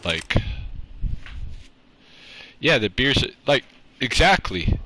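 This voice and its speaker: Man, unhurried streamer type, self-deprecating and rambly with casual swearing, clear noise in the mic feed. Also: mid-range voice, very animated, sharp tone, low-quality recording. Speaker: livestreaming gamer chatting with viewers. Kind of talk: casual livestream chat. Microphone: own microphone close up.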